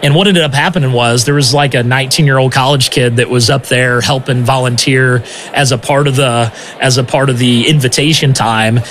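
A man telling his personal testimony as a missionary in a lively, conversational way, often tossing in "man" and "okay?". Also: medium pitch, brisk, hardly any pauses, slight background noise. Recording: music playing underneath.

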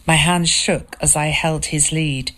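A woman narrating a first-person story in a calm, measured way. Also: deep voice.

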